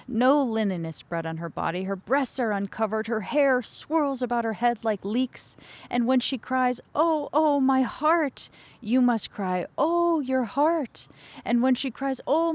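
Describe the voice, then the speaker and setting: A fretful old father god, as a woman puts him on in a myth she reads aloud. He sounds worried and pleading, with his voice pushed up high and a little louder than her own talk. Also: no echo, lightly acted. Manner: anxious, pleading.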